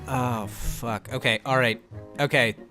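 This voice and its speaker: A man at mid pitch talks casually while he plays a video game, cursing freely and laughing between thoughts. His talk is loose and unhurried. Faint game music plays beneath his voice. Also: fairly even intonation, pushed and bright. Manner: laid-back, swears freely, laughs often. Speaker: let's play co-host. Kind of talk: casual gameplay chat.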